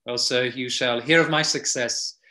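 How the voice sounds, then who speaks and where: A man's voice: mid-range voice, fairly even intonation, moderate pace, bright, forceful tone. A man reading a part aloud in a live play reading, flustered and stammering. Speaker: volunteer reader playing Jack.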